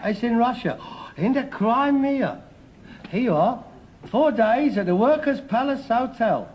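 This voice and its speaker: A son from who coaxes, daydreams and mocks by turns. His voice is high and swings up and down with big theatrical sweeps. A faint hiss sits under this archive sitcom recording. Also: lively intonation, unhurried, a little mellow. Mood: wheedling. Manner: wheedling, mocking and daydreaming. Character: ambitious, scornful working-class son, middle-aged. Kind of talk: 1960s-70s TV sitcom acting. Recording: faintly hissy archive TV recording, far laughter.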